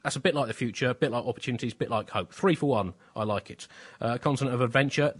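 A man co-hosting a comedy podcast with a middling, ordinary pitch. He talks in a dry, ironic way, lifts his voice to read out phrases, then drops into quiet wry asides. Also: racing, slightly rough. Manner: dry, ironic, swings between bright and low asides. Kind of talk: satirical comedy chat.

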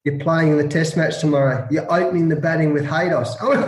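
A man's voice: a little high, fast talker, hardly any pauses, reverberant, a loud crowd, poor audio. A middle-aged Australian man, a former cricketer, telling his story in an interview, acting out dialogue and laughing often. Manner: lively anecdotal, acts out dialogue, laughs often. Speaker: guest, former test cricketer.

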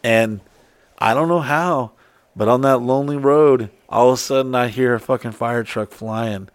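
This man speaks at medium pitch and a moderate pace, with no echo on the recording. Chatting casually, he spins a wild story full of profanity, excitedly acting out what others said.

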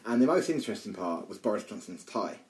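A man co-hosts a casual podcast, talking with lively energy and tripping over repeated words as he restarts his sentences. His pitch sits in the middle of the usual male range. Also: fast talker, rough recording. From United Kingdom. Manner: animated, stammering restarts. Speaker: podcast co-host.

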